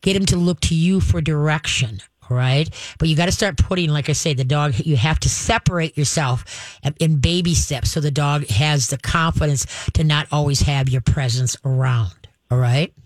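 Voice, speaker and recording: A woman's voice: low-pitched, normal speed, dry recording. A woman hosts a radio call-in show, giving dog-training advice in a casual, chatty way. She laughs often and acts out what the dog might be thinking. Her voice comes through a studio microphone with a dry, close sound.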